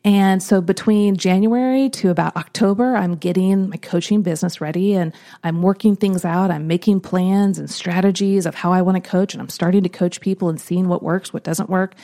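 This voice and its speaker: A woman hosting a podcast, telling a personal story in an earnest, reflective way, often trailing off softly. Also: lowish voice, fairly even intonation, moderate pace. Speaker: podcast host.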